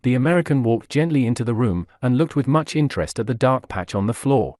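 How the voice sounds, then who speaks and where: A man narrating a novel in a measured, even manner. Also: medium pitch, dry recording, studio quality. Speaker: audiobook narrator. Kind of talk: scripted narration.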